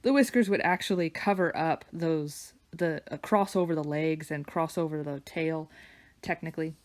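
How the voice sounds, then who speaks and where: A woman artist chatting casually while she draws, wandering between stories and soft murmured asides about her work. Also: sits low, moderate pace. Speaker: digital artist and vlogger. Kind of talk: casual chat while drawing. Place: home studio with her dog nearby.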